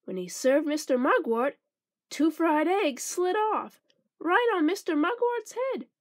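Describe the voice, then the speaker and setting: A woman reading a children's picture book aloud, expressive and playful with sound effects. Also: extremely high pitch, unhurried, dry recording, studio quality. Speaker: storybook reader.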